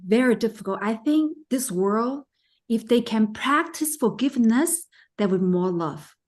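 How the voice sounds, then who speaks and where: A woman, a native Chinese speaker, hosting an interview in English. She speaks softly and often murmurs to show she is listening. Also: fairly high pitch, expressive, unhurried. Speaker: host.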